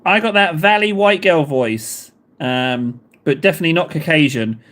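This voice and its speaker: A man's voice: on the high side, normal speed, a bit bright. A man with a southern English accent hosting a livestream, chatting casually to viewers in a rambling, self-mocking, jokey way. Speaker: livestream host. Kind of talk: casual chat to live viewers.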